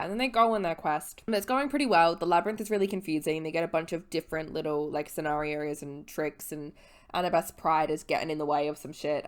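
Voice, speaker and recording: A woman's voice: low voice, clean tone. A young woman in her twenties, a little tipsy, giving a casual, rambling book recap as a vlogger, swearing and correcting her own slips.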